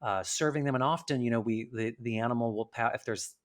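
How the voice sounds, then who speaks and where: A man who works as an animal communicator, talking earnestly and gently as a podcast guest. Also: mid-range voice, brisk. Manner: earnest, gentle, many fillers and restarts. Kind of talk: casual conversation.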